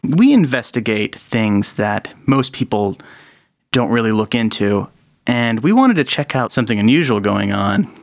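A man's voice: lowish voice, animated, normal speed, no room sound, clean studio sound. A man voicing a serious, all-business woman FBI agent. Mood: businesslike.

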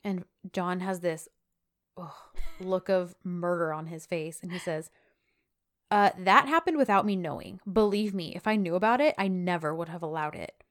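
Animated woman retelling a show. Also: lowish voice, moderate pace. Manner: animated storyteller, switches into quoted dialogue. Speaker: podcast co-host recapping a TV episode. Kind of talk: casual chat, retelling scenes with quoted lines.

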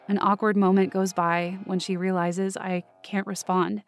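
Woman, first-person narration, anxious and close, mid pitch, faint music underneath. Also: flat delivery, moderate pace, few pauses. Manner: close, anxious inner monologue. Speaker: writer and narrator of a fiction podcast.

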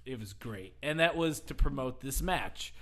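A man hosting a casual podcast, retelling an old wrestling match in a loose, rambling way. He laughs often and gets animated at the funny bits. His voice sits at an ordinary mid pitch. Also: normal speed. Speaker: podcast host. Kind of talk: casual chat recapping wrestling.

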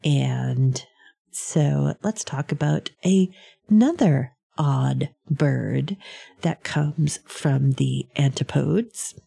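A woman's voice: sits low, very slow, creaky, mellow, husky. A woman hosting a casual science chat, talking in a chatty, meandering way with frequent ums and small laughs.

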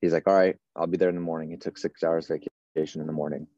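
This dry, dull-sounding recording captures a bass-voiced firefighter in his thirties talking fast in a level tone, his voice mellow. As an interview guest, he rambles casually through a long personal story, quoting back and forth what he and others said.

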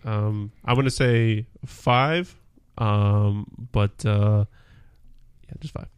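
A man's voice: on the low side, very slow, clean tone, dry recording. A man co-hosting a podcast in casual chat, hesitant and thinking aloud. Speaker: podcast co-host.

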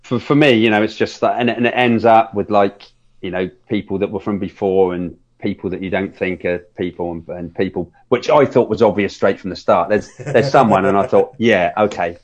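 A man's voice: lowish voice, steady tone, brisk, lo-fi sound. A man co-hosting a film podcast, talking casually and rambling through a review while acting out scenes. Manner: rambling, restarts often, acts out scenes in quotes.

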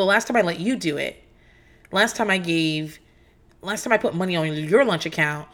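A woman in her thirties or forties recapping reality TV in a candid, profane, rambling way, with frequent fillers. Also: medium pitch. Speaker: podcast host.

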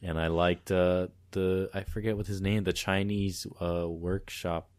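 A man's voice: deep voice, flat delivery, unhurried, a little mellow, dry recording. A man chatting casually on a gaming podcast in a laid-back way, trailing off at times.

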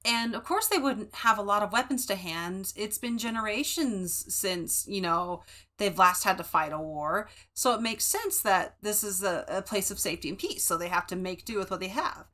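Woman podcast co-host, bright tone, rambling casual delivery full of fillers. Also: medium pitch, expressive, normal speed. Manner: chatty, many fillers and restarts. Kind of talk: casual book discussion.

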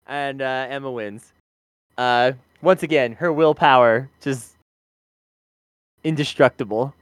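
A man's voice: medium pitch, slow pace, clean tone, no room sound. A man co-hosting a casual review podcast, rambling, laughing often and swearing casually into a close mic. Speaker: podcast co-host.

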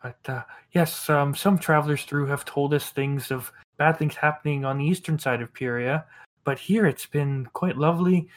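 A man's voice: a little high, moderate pace, natural voice. A man voicing a polite middle-aged farmer who talks with homely, slightly hesitant courtesy about his family. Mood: proud homely.

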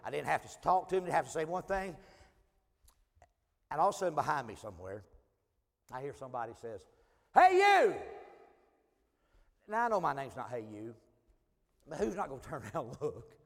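A man preaching as a traveling evangelist, telling a humorous personal story in an animated, self-mocking way. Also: mid-range voice, fast talker, gravelly, long pauses, long reverb tail.

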